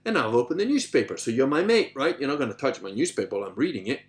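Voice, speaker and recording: Talking very fast at a medium pitch, a middle-aged man hosts a podcast and answers listener questions through casual, rambling stories. He restarts often, adds asides, says "you know" a lot, and animatedly voices the people in his tales.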